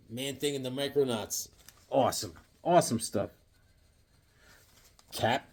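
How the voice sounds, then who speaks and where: A man showing off his comic book collection in a casual, jokey vlog, with sudden loud exclamations. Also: medium pitch, unhurried, long pauses. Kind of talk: casual show-and-tell vlog.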